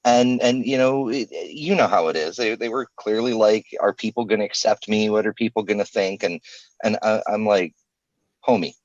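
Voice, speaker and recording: A man calling in to a casual live chat, speaking in a laid-back, halting, friendly way. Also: on the low side, no room sound, lo-fi sound. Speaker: caller.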